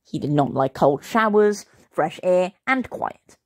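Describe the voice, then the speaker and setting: A woman reading a children's story aloud as a storyteller, expressive and playful. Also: fairly low pitch, a little slow.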